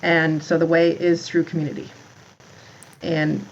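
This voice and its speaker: A woman's voice: deep voice, level tone, measured pace, highs cut off, slight background noise. A woman in her thirties, a podcast guest, talking in a rambling way about motherhood, full of "like" and restarts. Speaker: podcast guest, founder of a moms' community. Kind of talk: casual interview talk.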